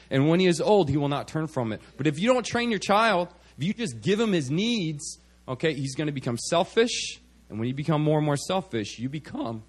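A man with a somewhat high voice delivers a church sermon. He talks in an easy, conversational way and keeps checking in with the congregation through little "okay"s and "all right"s. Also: fairly bright tone, slightly rough. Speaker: preacher. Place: church service.

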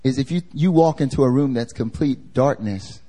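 A man's voice: medium pitch, moderate pace, dark tone. Casual, slangy man preaching a sermon. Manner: casual and slangy, asks the congregation questions. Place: church service.

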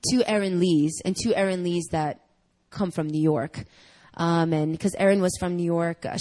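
A woman's voice: on the low side, poor audio. Chatty woman pastor telling a story. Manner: chatty, animated storytelling with laughs. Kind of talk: church introduction, storytelling. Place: church.

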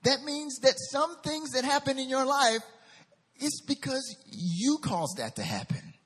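Husky Southern preacher man. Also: extremely high pitch, measured pace. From North Carolina. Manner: lively, addresses the congregation directly. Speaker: pastor. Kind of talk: sermon.

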